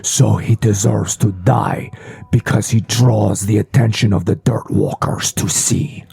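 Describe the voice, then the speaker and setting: Man voicing a menacing fish-man spirit, slow cold whisper, gravelly edge. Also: on the low side, steady tone, warm tone, exaggerated voice. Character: menacing male hammerhead shark-man spirit.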